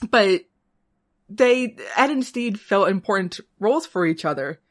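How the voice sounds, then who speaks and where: Podcast co-host, female, mid-pitched voice, relaxed recap banter, laughs often. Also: unhurried. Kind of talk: casual chat recapping a TV show.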